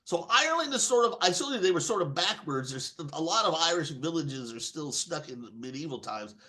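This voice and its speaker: Ranting Texas-born man with a lively voice. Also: a little high, a little fast. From Texas, USA. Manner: ranting, emphatic, repeats and restarts words. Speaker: political commentator. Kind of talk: rambling stream-of-consciousness monologue.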